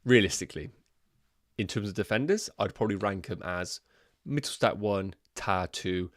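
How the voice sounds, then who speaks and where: A man's voice: lowish voice, normal speed, no room sound. A man hosting a fantasy football livestream, thinking aloud in a chatty way and talking to his viewers as guys. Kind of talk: casual livestream chat.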